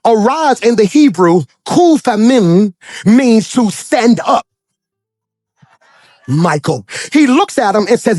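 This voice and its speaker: A man preaching a sermon as pastor, swinging from shouted high points to low, quiet asides and acting out characters. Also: sing-song, no room sound, soft background music. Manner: acts out characters in quick dramatic voices.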